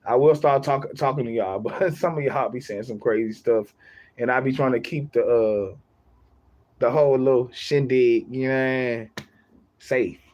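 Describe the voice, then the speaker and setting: A man's voice: medium pitch, steady tone, a little slow, a little mellow, dull audio. Young man, livestream chat, rambling, repetitive, laughs a lot. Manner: rambling, repeats himself, laughs often.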